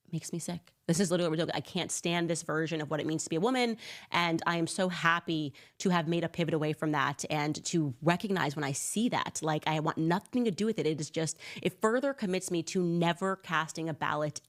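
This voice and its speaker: A woman's voice: low-pitched, brisk. A woman hosting a political commentary show, delivering sarcastic, scornful opinions.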